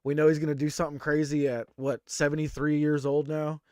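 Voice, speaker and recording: A man co-hosting a casual review show, relaxed and quick to laugh, chiming in with short reactions. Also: on the high side, smooth, dry recording, studio quality. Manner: relaxed, laughing, chimes in briefly. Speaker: co-host.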